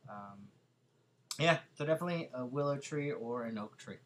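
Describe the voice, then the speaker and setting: A man's voice: medium pitch, lively intonation, normal speed, fairly bright tone. A young man with a Californian accent, chatting casually as a vlogger answering viewer questions, hesitant and full of fillers. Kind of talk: casual chat.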